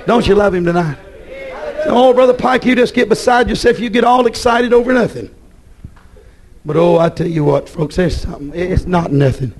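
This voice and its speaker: A man preaching a fiery sermon, swinging from shouted bursts down to quiet storytelling. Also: fairly even intonation, normal speed. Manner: shouting bursts then drops to low storytelling.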